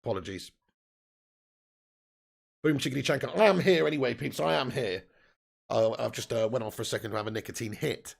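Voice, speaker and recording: Gravelly man chatting on a stream. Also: medium pitch, fairly quick, long pauses. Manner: chatty, laughs often, swears casually. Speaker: football watch-along streamer reading live chat. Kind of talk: casual live-stream chat.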